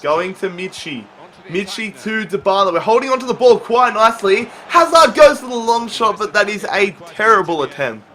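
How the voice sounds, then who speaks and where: A young man commentating his own football video game match, calm when explaining, then shouting at big chances. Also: sits high, moderate pace. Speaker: gaming YouTuber.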